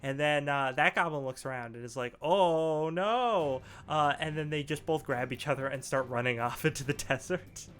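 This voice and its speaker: A man narrating a tabletop game as game master, relaxed and laughing, with many fillers. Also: medium pitch, fairly quick, hardly any pauses, smooth. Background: faint background music.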